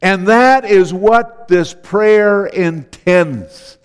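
A man preaching a sermon as pastor, slow and deliberate, repeating key phrases for emphasis. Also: high voice, clear, resonant tone, long reverb tail.

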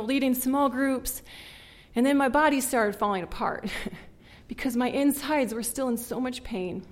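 A woman with a slightly high voice shares her personal testimony, earnest and conversational. She peppers her talk with "like" and her voice drops low and hushed at the painful parts. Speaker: speaker sharing her testimony.

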